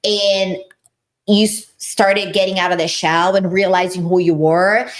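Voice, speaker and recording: A woman from Brazil with a Brazilian Portuguese accent, co-hosting a casual Christian podcast and telling her story in an animated, emphatic way. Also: on the low side, measured pace. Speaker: podcast co-host.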